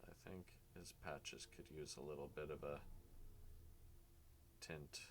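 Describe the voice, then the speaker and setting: A man's voice: rumbling low, fairly even intonation, a little slow, a little hiss or hum. A man streaming a casual painting session, chatting and rambling to his viewers as he works. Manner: chatty, rambling, talks to chat while working.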